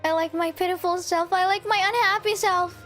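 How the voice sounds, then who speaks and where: A woman's voice: very high voice, steady tone, fairly quick, a bit bright, pitched above the performer's own voice. A woman voicing a self-destructive young anime girl who loves being pitied, reading a visual novel aloud in a pleading, wistful manner. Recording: faint game music behind.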